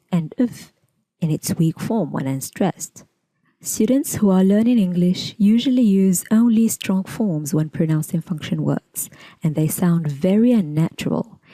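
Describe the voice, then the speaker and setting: A woman teaching English pronunciation in a scripted lesson, speaking in a measured, deliberate way and enunciating example words slowly. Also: medium pitch, warm tone, dry recording.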